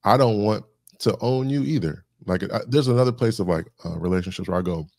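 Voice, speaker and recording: A man's voice: fairly low pitch, fairly quick, darkish tone, no room sound. A man talking as a guest on a podcast, reflective and thoughtful, working through ideas with lists and examples. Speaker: guest, communication specialist.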